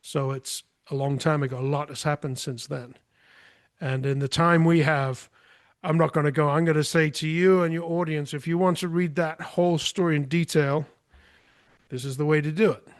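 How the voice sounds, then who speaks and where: A man's voice: a little high, steady tone, moderate pace, no echo. A man talking as a podcast guest, telling a story in a forthright, emphatic way. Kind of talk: casual storytelling.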